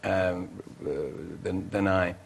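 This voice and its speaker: On a chat show, a middle-aged musician from Ireland tells a meandering anecdote, cutting himself off to mimic what others said. He speaks slowly in a deep, creaky, monotone voice.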